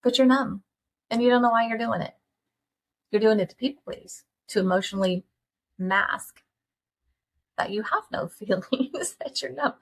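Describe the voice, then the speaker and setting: A middle-aged woman, hosting a candid solo talk and speaking to listeners in an earnest, folksy, animated way. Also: fairly high pitch, moderate pace, creaky, long pauses. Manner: earnest, folksy, animated, with laughs and direct questions to the audience. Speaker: podcast host.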